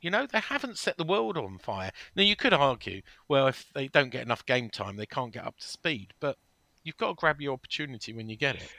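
Lively, forceful male podcast host. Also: medium pitch, brisk, vocal fry, no room sound. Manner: animated, defensive storytelling. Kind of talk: casual football podcast chat.

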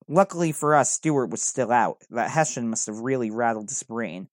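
A man narrates a first-person adventure in an earnest, dramatic reading voice. His pitch sits in the middle for a man. The recording is dry and close, with no room echo. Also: normal speed, hardly any pauses.

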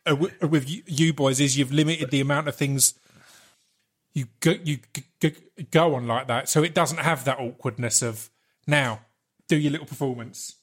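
A man talking casually on a podcast, relaxed and slangy, with stammered restarts. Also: medium pitch, normal speed, husky. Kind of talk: casual chat.

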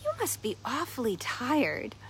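A woman voicing a calm, wise male monk who gently teases his companion. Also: on the high side, a little slow, gravelly, slight background noise, exaggerated voice, low-quality recording. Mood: gently teasing.

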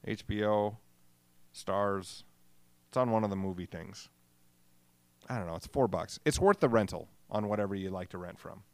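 A middle-aged man hosts a solo podcast, rambling casually, swearing freely, and making jokes at his own expense. His voice is fairly low-pitched at normal speed, with long pauses and no echo.

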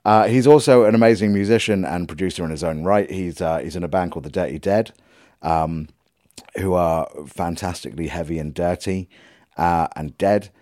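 Deep-voiced man rambling on a podcast. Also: moderate pace, darkish tone, no room sound, clean studio sound. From England. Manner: hesitant, full of ums and restarts, self-deprecating humor. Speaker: podcast host and musician. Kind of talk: casual rambling monologue.

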